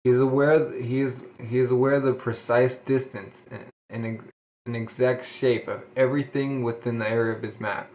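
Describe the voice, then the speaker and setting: A man's voice: mid-range voice, level tone, darkish tone, dull audio. A man reading a manga aloud, voicing the sound effects and often restarting his sentences. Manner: halting reading with frequent restarts. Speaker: manga reader.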